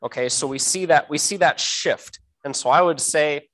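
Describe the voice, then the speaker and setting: A man teaching a Bible verse word by word, often pausing with fillers and repeating words, slowing down to stress key phrases. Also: on the high side, fairly bright tone, low-quality recording.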